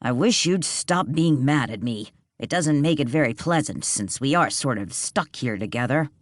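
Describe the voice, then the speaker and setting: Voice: mid-range voice, expressive, moderate pace, no echo, clean studio sound, close to an everyday voice. Narrator reading a jittery frightened fugitive man. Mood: nervous. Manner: anxious, pleading. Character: nervous frightened man on the run.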